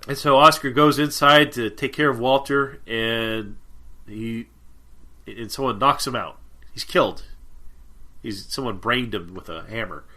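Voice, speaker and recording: A man's voice: medium pitch, unhurried, pushed and bright. A man co-hosting a podcast, casually summarizing a TV episode's plot with lots of fillers. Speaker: podcast co-host. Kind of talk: casual chat recapping a TV episode.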